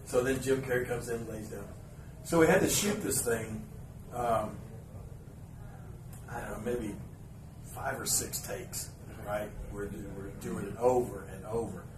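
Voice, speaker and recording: A man hosting a podcast in front of live fans, telling an anecdote in an animated way and chuckling as he acts out the scenes. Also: fairly low pitch, a little slow, pauses often. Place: live event room with an audience. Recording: roomy, distant live recording with ambient noise.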